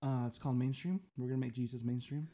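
A man's voice: mid-range voice, steady tone, quick pace, mellow. Playful young guy rambling casually. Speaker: podcast co-host, singer-songwriter. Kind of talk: casual chat.

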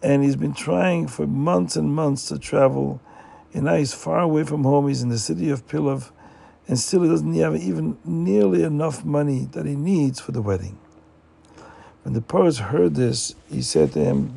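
A man narrating a folk tale in a plain, unhurried storytelling manner, often repeating himself for emphasis. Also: on the high side, creaky, warm tone, slightly rough. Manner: plain, repetitive storytelling with restarts.

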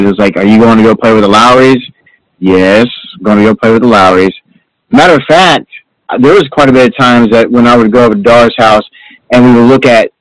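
A man's voice: medium pitch, dry recording, poor audio. A man telling childhood stories in a casual chat with old friends, rambling and swearing as he goes. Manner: rambling, profane storytelling. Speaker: guest.

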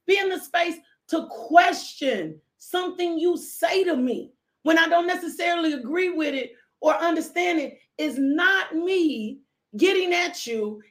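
A woman preacher delivers a fervent sermon in a high voice, swinging from near-tearful pleading to sudden shouts. Her words ring through an echoey church room. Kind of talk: impassioned sermon.

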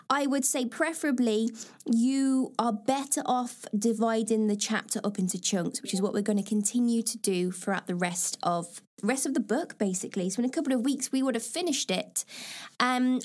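A woman's voice: on the high side, darkish tone. A woman leading an online self-help group, recapping lessons in a chatty, encouraging way with everyday examples. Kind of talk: casual recorded recap talk.

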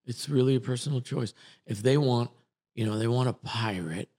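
A man's voice: mid-range voice, normal speed, dark tone, husky. A man with a New York accent, an acting coach co-hosting a casual podcast chat, teasing and rambling with lots of restarts.

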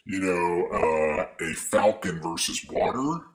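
Deep-voiced wry man cohosting. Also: expressive, takes it slowly, faint music behind. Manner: wry, jokey reasoning. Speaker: podcast cohost. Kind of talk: casual chat.

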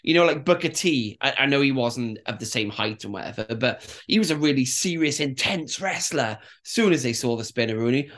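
A man from Britain hosting a podcast, chatting away in easy banter. He giggles often and pokes fun at himself, speaking at a middling pitch. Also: animated, brisk, few pauses, a bit bright. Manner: giggly, chatty, self-mocking. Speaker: podcast host. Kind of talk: casual banter.

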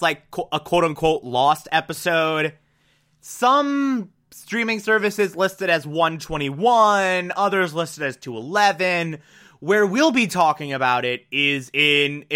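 A man's voice: a little high, bright, forceful tone. A man hosting a podcast, talking casually and rambling with lots of fillers, slipping into a mock southern drawl. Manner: chatty, rambling, frequent "uh" and "like". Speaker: podcast host. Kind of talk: casual solo announcement.

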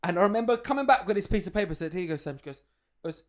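A man's voice: sits high, expressive, very fast. A man co-hosting a podcast in casual chat, who swears freely, acts out what people said and laughs a lot. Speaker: podcast co-host.

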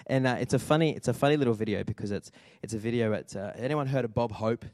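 A man delivering a sermon in an animated, storytelling way, often checking in with the congregation. His voice sits at an ordinary middle pitch. The sound is dry and close, with little room echo. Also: fast. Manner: animated storytelling with audience call-outs. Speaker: pastor.

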